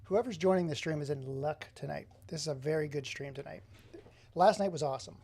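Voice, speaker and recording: A man's voice: a little high, brisk, creaky, warm tone, breathy edge. A man hosting a casual live stream, chatting to viewers and greeting them by name. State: runny nose. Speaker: livestreamer.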